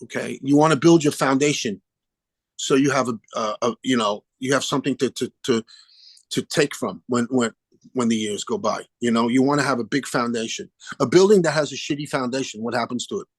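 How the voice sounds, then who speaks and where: An older man, a guest musician chatting in an interview, animated and acting out the people he quotes. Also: mid-range voice, fairly quick, breathy edge, no echo. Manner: animated storyteller, acts out phone calls in quoted voices. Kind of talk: casual interview chat.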